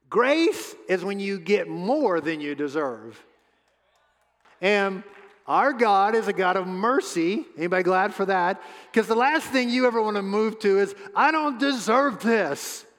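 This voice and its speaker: A man preaching a sermon as pastor, emphatic, repeating his words and pausing often. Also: high-pitched, a bit bright. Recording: long hall reverb.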